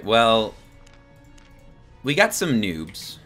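A young man giving live, excitable gameplay commentary to his chat, swearing and laughing as he plays. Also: mid-range voice, measured pace, faint music behind. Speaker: streamer.

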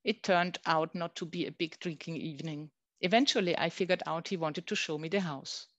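A woman's voice: sits low, steady tone, brisk, a bit bright, no room sound, muffled recording. A middle-aged woman reading her own comics aloud and commenting, in non-native English with small slips and hesitations.

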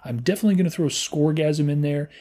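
A man hosting a gaming channel, giving playful, casual commentary as he plays and squealing high when things go wrong. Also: quick pace, warm tone. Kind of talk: casual let's-play commentary.

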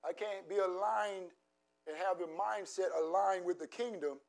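A man preaching a sermon to a congregation, shouting and exhorting with call-and-response. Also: high-pitched, moderate pace, gravelly. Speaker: pastor. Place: church sanctuary. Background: congregation in a church.

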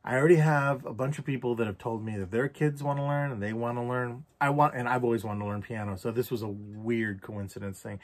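A man's voice: medium pitch, fairly even intonation, fairly quick, few pauses. A man recounting a personal story for a journal vlog, candid and reflective, with casual swearing. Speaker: vlogger.

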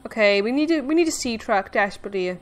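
A woman's voice: on the high side, lively intonation, fast, a little hiss or hum. Jumpy woman narrating her gameplay. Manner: jumpy, squealing when scared, self-mocking. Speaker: gaming streamer. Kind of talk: casual let's-play commentary.

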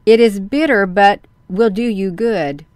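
A woman voicing a patient, motherly fairy who coaxes calmly in a storybook reading. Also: mid-range voice, a little slow, no echo, studio quality, close to an everyday voice. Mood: coaxing. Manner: calm, coaxing.

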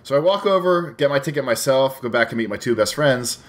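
Over a game playthrough, a let's play host tells a long story in a casual, rambling manner, swearing a lot and frequently restarting. His medium-pitched voice is animated and fairly quick.

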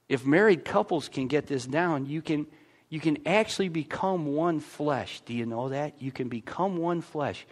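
A man's voice: on the high side, moderate pace. A man pastor with an American accent, preaching a conversational sermon in a church with frequent stammered restarts.

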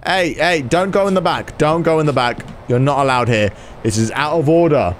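A man hosting a gaming video, giving excitable let's-play commentary, swearing and yelling in reaction. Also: on the high side, normal speed, slight background noise.

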